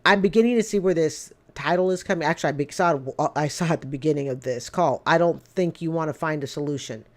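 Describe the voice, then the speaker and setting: Woman, fifties, lowish voice, emphatic no-nonsense commentator who calls people out directly. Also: fast, few pauses. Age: 50s. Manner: emphatic, blunt, repeats points for emphasis; lecturing, addresses people directly. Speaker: commentator reacting to call-in show clips. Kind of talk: casual opinionated commentary.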